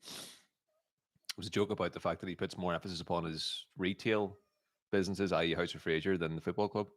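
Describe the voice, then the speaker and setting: A low-voiced man talks fast in a lively, bouncing way as co-host of a football watchalong. The sound is dry and close, with no room around it. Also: no echo. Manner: quick, animated, joking. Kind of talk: casual chat.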